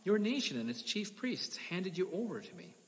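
A man's voice: high voice, huge pitch swings, moderate pace, voice pushed up. A man reading the part of a stern Roman governor who questions a prisoner, with his voice ringing in a church hall. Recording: long reverb of a church hall.

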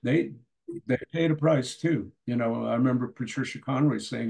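An older man with a gravelly, creaky edge to his mid-range voice. He tells stories casually and with energy, slipping into the voices of the people he talks about. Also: mid-range voice, normal speed, rough recording. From Canada. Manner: lively anecdotes, often acts out the other people in his stories. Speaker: musician guest. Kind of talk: casual interview storytelling.

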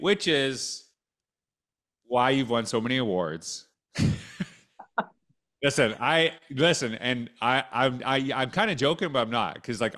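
Enthusiastic man hosting a podcast. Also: mid-range voice. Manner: enthusiastic, animated, restarts and laughs. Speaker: podcast host. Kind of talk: casual interview chat.

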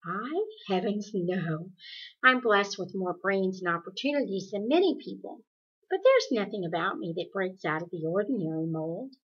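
A woman voicing a calm, gentle middle-aged mother who speaks softly and reassuringly, in a dull lo-fi recording. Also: medium pitch, normal speed, husky.

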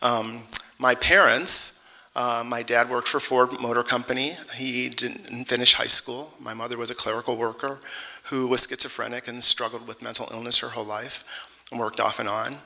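A man's voice: medium pitch, flat delivery, moderate pace, vocal fry, pushed and bright, rough recording. A man from Detroit accepting an award, joking and heartfelt, speaking in a chatty way to a ceremony audience. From Detroit, United States. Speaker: award recipient. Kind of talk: acceptance speech.

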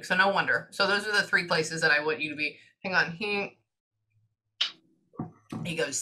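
A woman working as a psychic medium, giving a reading to a client and relaying messages in quick, chatty asides. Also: mid-range voice, lively intonation, sharp tone.

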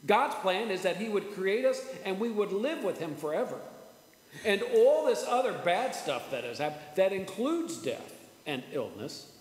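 A man preaching a sermon as pastor, earnest, repeating words and slowing down for emphasis. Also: high-pitched, sing-song. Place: church sanctuary. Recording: echoey church hall with faint ambience.

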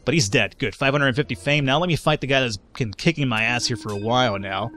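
A man giving casual commentary on a strategy game, quick to get frustrated and swearing often. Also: medium pitch, a bit bright, soft background music. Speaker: let's play gamer.

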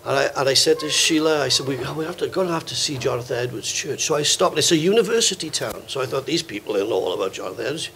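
Older Welsh-born male preacher, slightly high voice, anecdotal sermon style. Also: animated, fast talker, hardly any pauses, slight background noise. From Wales. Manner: storytelling, warm anecdotes with acted quotes. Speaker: visiting preacher. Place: church hall.

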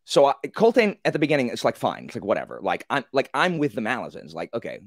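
A man in a casual group book discussion, telling the story with animated, acted-out reactions and many fillers. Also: mid-range voice, fast, dry recording, studio quality.

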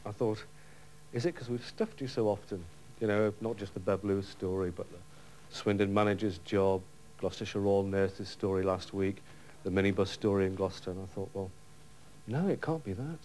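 A news presenter telling a comic story in a mischievous way and mimicking other people's voices. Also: male voice, low-pitched, level tone, a little fast, mellow, slight background noise.

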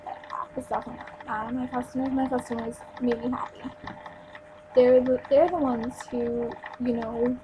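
Young woman from New Jersey, high-pitched, blunt and emphatic, casual rant into a hissy webcam mic. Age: young adult. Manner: blunt, emphatic, swears freely. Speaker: store clerk venting on a vlog. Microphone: built-in webcam mic. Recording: noisy webcam recording.

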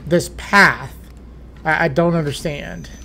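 Jumpy let's player muttering through a horror game, unhurried, faint ambience. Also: male voice, a little high, steady tone, gravelly, bright, forceful tone, a little hiss or hum. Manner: nervous running self-talk, jumpy exclamations.

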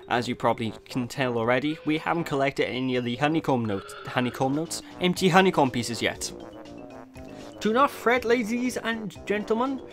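A young Welsh man giving rambling, jokey, self-deprecating commentary over a video game. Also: fairly high pitch. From Wales. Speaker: let's play host. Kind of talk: gameplay commentary.

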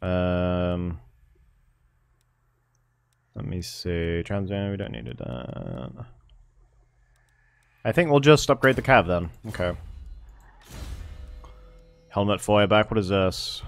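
Low-pitched, creaky and expressive, this streamer speaks slowly and pauses often, with a clean tone. He offers casual let's-play commentary on a strategy game, musing aloud and muttering curses.

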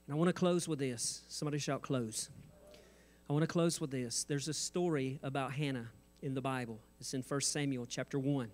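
Male pastor, higher-pitched, preaching from a church stage with joking asides that build to fervor. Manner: jokes and asides, rising intensity. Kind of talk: sermon.

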